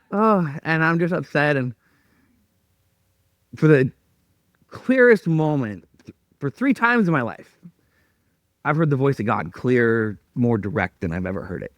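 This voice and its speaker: A male pastor telling a personal story in a sermon, animated and self-mocking as he acts out his own thoughts. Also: fairly high pitch, no room sound, clean studio sound.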